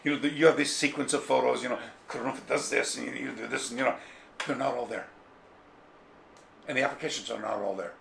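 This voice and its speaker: A man's voice: mid-range voice, quick pace, gravelly, slight background noise. A man as an interview guest, telling a long anecdote casually and digressively, with a lot of animation. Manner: animated, digressive, mimics people in his stories. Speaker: interview guest, karate author. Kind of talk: casual storytelling. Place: a room in his home. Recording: echoey room with faint ambience.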